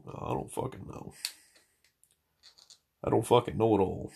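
A man in a small room at home talking into a phone, rambling and swearing in a slightly hoarse stream of consciousness. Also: mid-range voice, measured pace, mellow. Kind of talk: rambling casual monologue.

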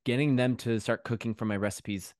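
A man's voice: mid-range voice, fairly even intonation, fairly quick, a little mellow, no room sound, studio quality. A man from Connecticut, chatting as a podcast guest and telling stories with restarts and animation. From Connecticut, USA. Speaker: podcast guest, chef and author. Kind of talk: casual interview chat. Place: home in the English countryside.

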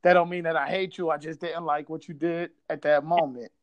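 A man's voice: on the high side, fairly even intonation, fairly quick. A man from Buffalo telling a casual story, swearing freely and acting out quotes. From Buffalo, New York.

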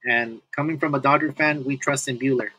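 A man's voice: mid-range voice, fairly even intonation, a little fast, sharp tone, husky, poor audio. A man co-hosting a casual fantasy baseball podcast, laughing often and restarting his sentences. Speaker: podcast co-host. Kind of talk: casual sports chat.

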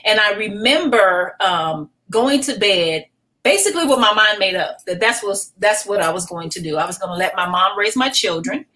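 Middle-aged woman pastor on a podcast, telling her testimony, animated and emotional, restarts a lot. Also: medium pitch, moderate pace, low-quality recording. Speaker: pastor and guest. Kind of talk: personal testimony in a podcast interview.

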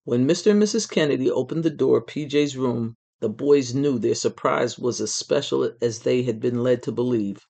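A storyteller reading a children's book aloud in an expressive, measured way. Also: mid-range voice, gravelly.

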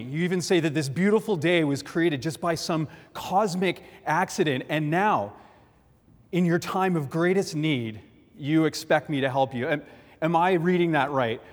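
God from above, measured and stern, echoing in a big hall, a man doing the voice. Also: on the high side, close to an everyday voice. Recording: long hall reverb.

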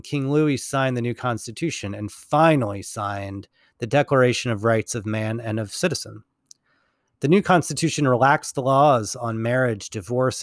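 A man giving a recorded history lecture in a relaxed, wry way, correcting himself and adding small jokes as he goes. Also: medium pitch, no echo, studio quality.

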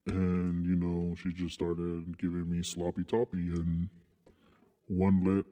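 A young man with a very deep, flat, mellow voice, talking in a halting, deadpan way. A long reverb hangs on every line. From Southern California. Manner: halting, repeats words, deadpan. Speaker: podcast co-host. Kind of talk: crude casual banter.

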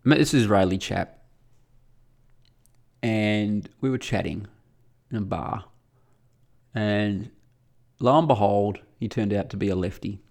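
A man's voice: on the low side, takes it slowly, gravelly, pauses often. A middle-aged man, hosting a solo monologue in a blunt, combative and profane way. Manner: blunt, combative and profane, grows heated and loud.

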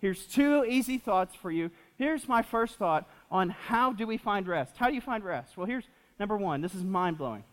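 Young pastor, twenties, high-pitched voice, lively sermon with jokes and fillers, recorded in a long-echo church hall. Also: male voice, normal speed. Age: 20s. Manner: animated, repeats himself with fillers, jokes with the audience.

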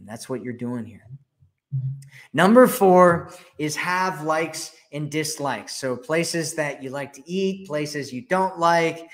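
A man's voice: fairly high pitch, slow. A man hosting a dating advice podcast, talking casually with many fillers and restarts. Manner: chatty, lots of fillers and restarts.

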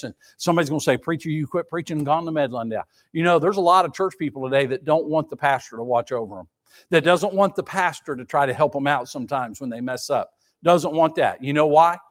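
A man's voice: a little high, a bit bright. A male pastor preaching a sermon, emphatic and repetitive, asking the congregation rhetorical questions.

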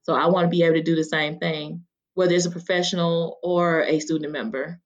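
A woman's voice: low voice, fairly even intonation, a little fast. A woman from Mississippi, a guest on a podcast, talking in an earnest, heartfelt way with many fillers. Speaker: podcast guest, chapter member. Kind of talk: casual interview talk. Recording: dull lo-fi sound.

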